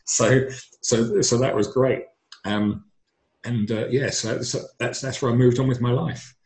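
A man's voice: mid-range voice, fairly even intonation, slow, darkish tone. A middle-aged man, telling his personal story earnestly and emphatically, often repeating his words. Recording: echoey room.

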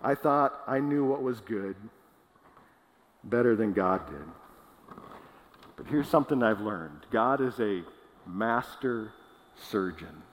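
A man preaching a sermon as pastor, earnest and emphatic, slowing down to stress key words and sometimes restarting a phrase. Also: on the low side, expressive. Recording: long reverb of a large hall.

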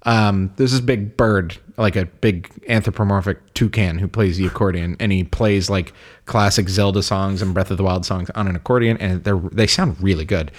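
Low-voiced man chatting casually. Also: fairly even intonation, moderate pace. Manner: rambling, fills speech with "like", laughs often. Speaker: podcast co-host. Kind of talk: casual chat.

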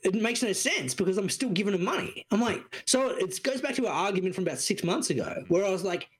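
A man in his thirties, a podcast co-host chatting casually, telling an animated story full of acted-out quotes and swearing. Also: high voice, fast, husky. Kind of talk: casual chat.

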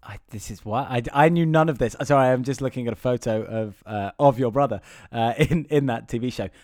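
A man's voice: medium pitch, fairly quick, darkish tone, dry recording. Laughing chatty man, dry close sound. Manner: joking, laughs often, many fillers. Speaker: podcast co-host. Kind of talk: casual chat recapping a film.

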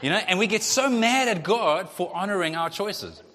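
A male pastor preaching a sermon in a lively way, acting out the voices of the people in his story. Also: sits high, moderate pace. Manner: animated, acts out voices of God and the Israelites. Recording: long hall reverb.

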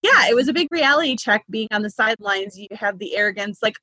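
A woman's voice: mid-range voice, fast talker, hardly any pauses, bright, forceful tone, husky, dry recording. A woman in her thirties, a midwife, chatting as an interview guest with loose fillers and easy laughs. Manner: chatty, laughs between thoughts, many "like" fillers. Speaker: midwife and business consultant.

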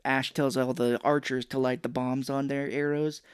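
A man in casual podcast chat, walking through a movie's scenes with lively retelling and snap impressions of the characters. His voice sits at an ordinary pitch for a man. The sound is dry and close, with no room around it. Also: clean tone, dry recording. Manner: animated retelling with quick voiced impressions and laughs. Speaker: podcast co-host.

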